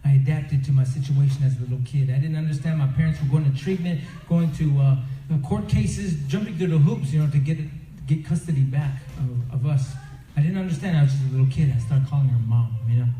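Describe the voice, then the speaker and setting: A man's voice: on the high side, brisk. A man from the Crow Reservation in Montana, telling stories to young people in a loose, conversational way and acting out the characters. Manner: animated storyteller, acts out characters; conversational, full of "you know". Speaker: performer and motivational speaker. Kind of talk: storytelling talk to youth. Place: event hall. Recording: roomy echoing venue, faint ambience.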